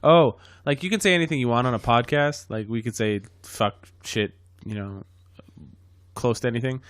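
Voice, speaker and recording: A man's voice: mid-range voice, moderate pace, dry recording. A man co-hosting a casual podcast, rambling and swearing freely, often losing his train of thought. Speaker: podcast co-host. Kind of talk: casual chat.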